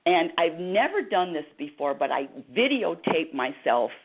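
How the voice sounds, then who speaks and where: A woman's voice: on the low side, sing-song, normal speed, slightly rough. A woman radio host and happiness coach telling a personal story with passion, acting out dialogue in a talk radio monologue. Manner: impassioned storytelling with dramatized dialogue. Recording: tinny phone-like line.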